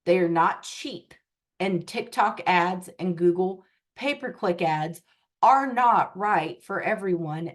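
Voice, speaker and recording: A woman tech coach teaching a group over a video call. Her voice sits on the low side, and she talks slowly and patiently. She keeps pausing to check whether her listeners are keeping up. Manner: unhurried, explanatory, checks in with listeners. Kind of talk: live online training session.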